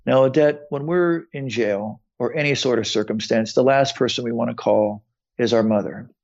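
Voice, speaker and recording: Gravelly man telling his story. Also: medium pitch, normal speed, darkish tone, highs cut off. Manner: earnest, repeats words while telling his story. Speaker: podcast guest. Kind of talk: personal storytelling in conversation.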